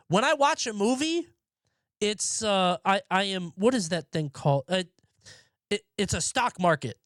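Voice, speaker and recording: A man's voice: on the high side, no room sound, studio quality. Rambling, profane young male streamer. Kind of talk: casual live-stream chat. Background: faint music.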